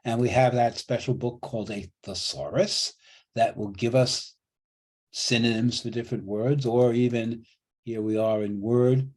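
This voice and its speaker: A man's voice: medium pitch, steady tone, measured pace, a little mellow. A man teaching a college writing class over a video call, explaining grammar patiently and repeating key points. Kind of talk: online class lecture. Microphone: computer mic on a video call.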